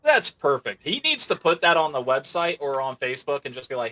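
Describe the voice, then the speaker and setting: A man's voice: a little high, very animated, fairly quick, sharp tone. A man co-hosting a podcast, chatting casually and laughing often. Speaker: podcast co-host.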